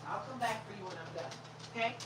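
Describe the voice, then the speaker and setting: A woman's voice: medium pitch, quick pace, heavy background noise. A woman vlogging at home, cooing baby talk to her dogs and chatting to viewers. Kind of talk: casual chat with pets and viewers.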